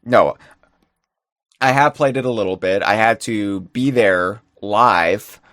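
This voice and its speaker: A man co-hosting a casual live-streamed podcast, chatting playfully with quick asides and rambling tangents. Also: lowish voice, fairly bright tone, no echo, clean studio sound. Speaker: podcast co-host.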